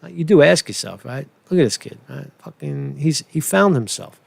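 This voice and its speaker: A man's voice: a little high, expressive, normal speed, creaky, breathy edge, dry recording. A man hosting a casual political commentary show, rambling and profane with many restarts.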